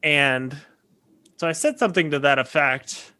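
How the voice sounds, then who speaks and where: Bright-voiced animated man telling stories. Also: fairly high pitch, normal speed, clean tone. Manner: animated storytelling, laughs often, restarts. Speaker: podcast co-host, college teacher. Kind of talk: casual chat.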